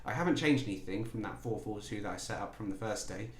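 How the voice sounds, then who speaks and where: A playful man chats through a football management game and teases his own players as he goes. His voice sits a little low, and the sound carries a roomy echo. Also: expressive, quick pace, slight background noise. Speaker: gaming YouTuber. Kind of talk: casual let's-play commentary.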